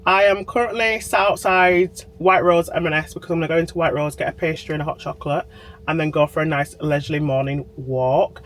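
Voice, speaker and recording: A woman's voice: low voice, fairly even intonation, a little fast, rough recording. A woman chatting to camera in a diary vlog, sitting in a parked car and talking into her phone. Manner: bubbly, chatty, talks straight to camera. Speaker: vlogger.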